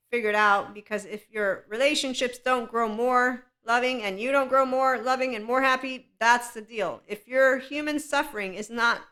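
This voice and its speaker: A woman hosting a podcast alone, talking in an animated, rambling way and laughing often. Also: mid-range voice. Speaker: podcast host. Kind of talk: solo podcast monologue.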